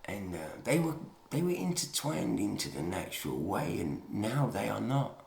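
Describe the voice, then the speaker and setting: A man delivering a rambling monologue to his YouTube audience. He swears, trails off into quiet mutters, then surges into emphatic outbursts. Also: fairly low pitch, big pitch swings, normal speed, creaky. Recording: roomy, echoey room sound.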